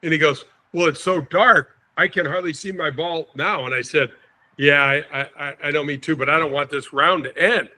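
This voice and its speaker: A man in his sixties from St. Louis, a podcast guest telling an animated anecdote and acting out the quotes. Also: fairly high pitch, normal speed. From St. Louis, USA. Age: 60s. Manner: lively storyteller, acts out quotes, chuckles often.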